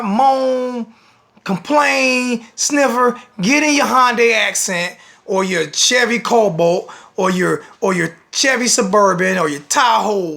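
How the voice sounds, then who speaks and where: A man's voice: sits high, gravelly, bright, forceful tone. A man with a blunt, scolding manner, ranting to the camera as a sports fan vlogger.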